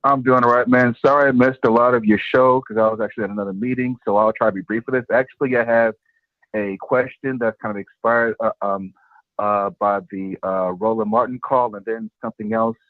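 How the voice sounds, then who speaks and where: A male caller politely and briskly asking a question on a call-in show. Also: fairly low pitch, fairly even intonation, dry recording. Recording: tinny dry phone line.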